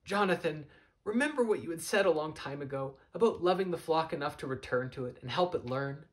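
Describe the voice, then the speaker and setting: A man reading aloud and voicing an eager young male seagull who blurts out excited questions. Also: fairly quick, close to an everyday voice. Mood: earnest. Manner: high, excited outbursts and questions.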